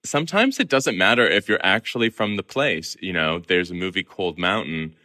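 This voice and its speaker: An animated man speaks as a guest in a casual interview and laughs easily. His voice is bright, and his pitch swings widely. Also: moderate pace.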